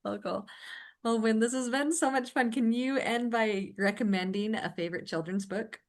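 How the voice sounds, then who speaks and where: A woman's voice: fairly high pitch, moderate pace. A woman hosting a podcast interview, chatting casually with short, friendly affirmations. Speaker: podcast host.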